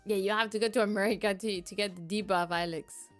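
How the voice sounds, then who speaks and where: A woman's voice: mid-range voice, fairly even intonation, fast talker. A woman streamer chatting casually, rambling with restarts and giggling often. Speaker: VTuber streamer. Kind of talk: casual chat. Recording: faint music behind.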